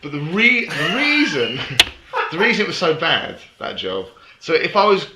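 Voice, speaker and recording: A man's voice: on the high side, wildly swooping pitch, moderate pace. A man co-hosting a podcast, telling a story in casual chat and laughing often. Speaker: podcast co-host. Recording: echoey room, faint hiss.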